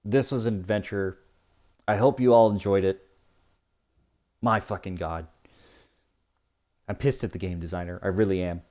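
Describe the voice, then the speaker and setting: A man's voice: deep voice, fairly even intonation, normal speed, long pauses, a little mellow. A young man ranting in post-game commentary, swearing often and mocking the story with sarcastic put-on quotes. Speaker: gaming YouTuber.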